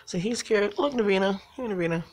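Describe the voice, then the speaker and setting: A woman's voice: mid-range voice, a little fast. A woman filming her cats at home, talking to them in coaxing baby talk and laughing often. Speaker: cat owner filming her pets. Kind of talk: casual home video chat. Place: at home, indoors.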